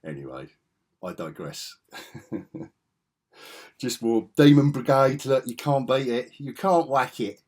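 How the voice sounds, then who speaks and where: A man's voice: medium pitch, lively intonation, takes it slowly, pauses often, darkish tone. A man chatting casually as he shows off his comic collection, enthusiastic and rambling with chuckling asides. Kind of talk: casual show-and-tell chat.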